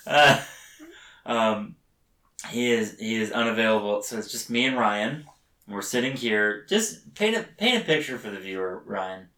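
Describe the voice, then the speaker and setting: A man hosts a casual podcast from his bedroom, expressive and a little slow, with a sharp tone. He jokes, laughs, and frequently restarts his lines in relaxed chat. The low-quality recording sounds roomy and distant.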